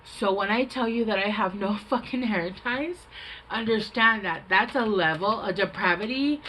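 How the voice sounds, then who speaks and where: A woman's voice: mid-range voice, moderate pace, bright, forceful tone, slight background noise, rough recording. A woman giving a casual tarot reading, talking bluntly with lots of swearing, fillers and rambling asides. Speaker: tarot reader.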